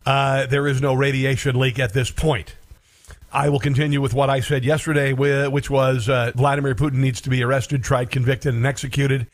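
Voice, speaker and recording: A man's voice: mid-range voice, little pitch movement, moderate pace. Sarcastic male commentary host. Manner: sarcastic, rambling, many filler "uh"s.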